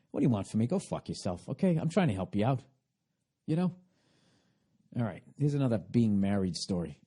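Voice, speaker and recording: A man's voice: lowish voice, mellow, breathy edge. A man hosting a podcast, talking in a rambling, profane, sarcastic comedic monologue. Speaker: podcast host.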